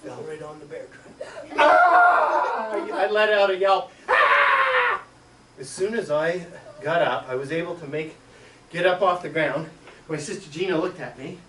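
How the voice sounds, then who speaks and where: A man, a school superintendent, telling a childhood story to schoolchildren and acting out the yelps and shouts. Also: on the high side, normal speed, background noise. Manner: animated, acts out yelps and shouts. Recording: echoey room, mic far off.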